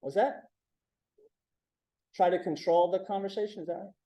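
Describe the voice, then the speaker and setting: A man's voice: high-pitched, fairly even intonation, moderate pace, mellow, poor audio. A man giving a conversational training talk, checking in with the audience with frequent "right?". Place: symposium room.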